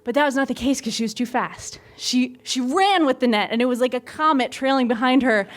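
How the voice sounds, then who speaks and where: A young woman tells a funny true story on stage in a candid, animated way, and she slips into the voices she quotes. Her voice sits a little high. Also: fairly quick. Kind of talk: live comic storytelling. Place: stage before a live audience.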